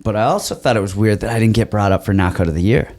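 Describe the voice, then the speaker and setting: A man's voice: fairly low pitch, fast, darkish tone. A man who hosts a podcast and used to fight, chatting casually and telling rambling, self-deprecating stories with frequent laughs. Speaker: podcast host and former fighter. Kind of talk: casual chat.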